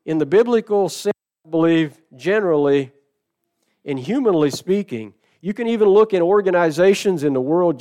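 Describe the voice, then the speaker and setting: A middle-aged man delivers a sermon from the pulpit. His voice sits a little high for a man and stays smooth and resonant. He tells stories with dramatic drops to near quiet and bursts of loud emphasis. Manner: storytelling with dramatic shifts in loudness and slow emphatic phrasing. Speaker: pastor.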